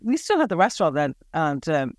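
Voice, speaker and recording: A middle-aged woman from Northern Ireland with an Irish accent speaks in a deep, very animated voice, fairly quickly, in clean studio sound with no room echo. A writer guest in a casual interview, she talks frankly, self-deprecating and hesitant, with many restarts and fillers.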